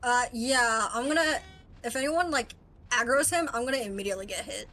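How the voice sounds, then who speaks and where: A woman playing a game with friends, giving quick callouts and playfully threatening teammates. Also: on the high side, bright, forceful tone, slight background noise. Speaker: co-player. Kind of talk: casual gaming chat.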